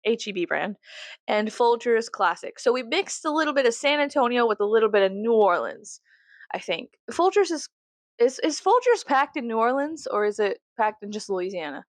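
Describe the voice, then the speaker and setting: A woman's voice: on the high side, sing-song, moderate pace, no echo. A young woman from Texas rambling casually and profanely to camera as a vlogger, jokey and chatty.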